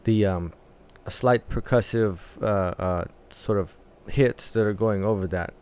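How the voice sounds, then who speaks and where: A man hosting a music reaction channel, talking through a track in a thoughtful, analytical way with many filler pauses. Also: fairly low pitch, a little mellow, clean tone.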